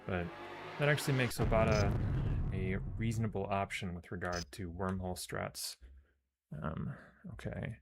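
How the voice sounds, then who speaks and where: A man's voice: low voice, moderate pace, a little hiss or hum. A man playing a game on stream, reading its story text aloud and muttering casual asides to himself.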